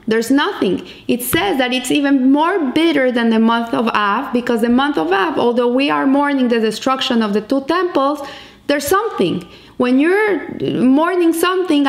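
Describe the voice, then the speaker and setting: A woman with a somewhat high voice gives a spoken lesson, explaining her points step by step. She talks in a storytelling way and often restarts her phrases mid-sentence. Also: reverberant. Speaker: Jewish teacher. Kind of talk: spoken teaching on the Hebrew calendar.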